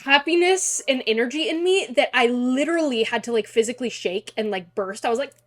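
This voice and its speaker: A woman giving a casual reaction commentary on a show, gushing and excitable, swearing freely. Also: high-pitched, fairly quick. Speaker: YouTuber.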